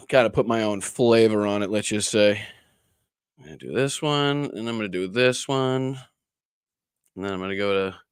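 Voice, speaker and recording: A man's voice: fairly low pitch, clear, resonant tone, no echo, studio quality. A man hosting a casual political live stream, rambling and joking with crude asides while he chats with viewers. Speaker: political livestream host.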